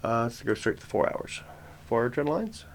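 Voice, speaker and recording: A man's voice: mid-range voice, very animated, a little fast, a little hiss or hum. A man hosting a forex trading channel, talking casually through his chart trend lines with rambling self-corrections and joking asides. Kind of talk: casual screen-share chart walkthrough.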